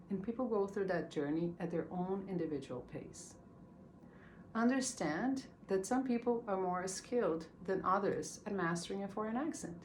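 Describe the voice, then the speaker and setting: Woman giving an earnest, measured talk. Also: mid-range voice, a little hiss or hum. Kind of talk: prepared talk. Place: stage.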